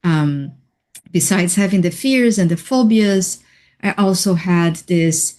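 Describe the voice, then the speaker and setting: A woman guest on a radio interview, telling a personal story in a soft, reflective way with light laughs. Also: on the low side, slow pace. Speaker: interview guest, healing coach.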